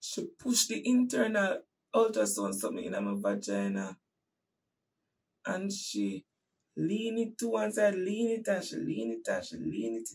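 A Jamaican woman preaching to her listeners as she tells a painful story. Her voice is gravelly and husky, rising from hushed tones into emphatic outbursts and repeating phrases for weight. She sounds a little distant from the mic. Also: a little high. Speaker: host and preacher. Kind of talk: dramatic personal storytelling.

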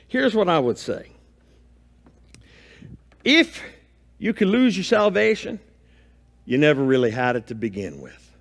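A man's voice: high-pitched, gravelly, in a large hall. A male pastor giving a folksy, conversational sermon, mixing home stories with scripture reading. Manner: reads scripture aloud between comments. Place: church sanctuary.

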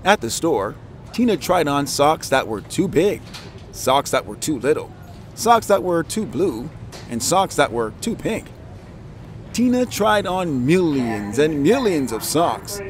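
A man reads a children's picture book aloud, his voice rising and falling in wide, lively swings. He takes his time, drawing the words out slowly. A faint hiss sits under the recording. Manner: animated, voices characters with big pitch jumps. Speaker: storybook narrator.

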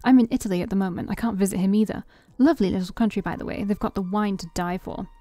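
A woman's voice: mid-range voice, fast, warm tone, lightly acted. A woman voicing a flamboyant, doting rich woman with a gushing, theatrical manner, in a game read aloud. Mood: urgent. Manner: gushing, theatrical, calls people sweetheart.

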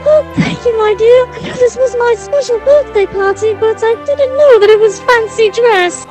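A man voicing a genteel older lady in a high falsetto, prim and fond. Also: normal speed, a little mellow, faint music behind.

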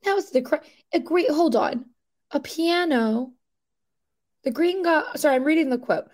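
Animated chatty woman, higher voice. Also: normal speed. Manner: animated, rambling, lots of "like" fillers; incredulous outbursts. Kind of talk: casual podcast chat.

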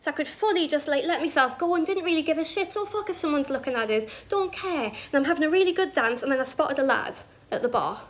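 Young woman doing stand-up, high bright voice, sweary and quick, punchy asides into a stage mic. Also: lively intonation. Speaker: stand-up comedian. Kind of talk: stand-up comedy set. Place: comedy club stage with laughing audience. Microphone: handheld stage mic.

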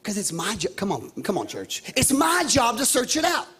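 A pastor in his thirties preaching a lively sermon, repeating himself and calling out to the congregation. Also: high-pitched, moderate pace, breathy edge. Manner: animated, repetitive, calls out to the congregation.

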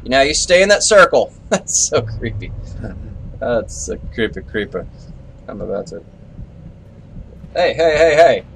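A man's voice: mid-range voice, big pitch swings, a little slow, creaky, long pauses, a bit bright, a little hiss or hum. A young man giving live commentary on a horror game, jumpy, swearing and scolding the characters on screen. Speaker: let's play gamer.

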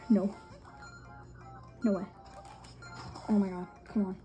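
A young woman giving casual commentary while playing a video game, excitable, muttering to herself and then breaking into frustrated shouts. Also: medium pitch, slow, muffled recording, soft background music. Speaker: gamer streamer.

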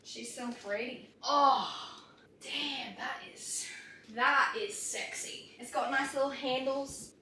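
A young Australian woman chatting casually in a home vlog, bubbly and quick to exclaim. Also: high voice, reverberant, background noise. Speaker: vlogger. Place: room at home.

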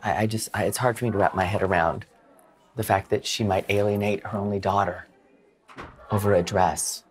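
A man's voice: lowish voice, fairly even intonation, fairly quick. A middle-aged man working as a bridal consultant, talking earnestly and emotionally, stammering and restarting. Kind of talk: reality TV commentary and consultation. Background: music.

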